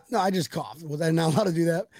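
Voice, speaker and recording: A man's voice: fairly high pitch, animated, quick pace, darkish tone, no room sound, clean studio sound. A man co-hosting a casual sports chat, rowdy and joking, swearing and slipping into silly voices. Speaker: podcast co-host.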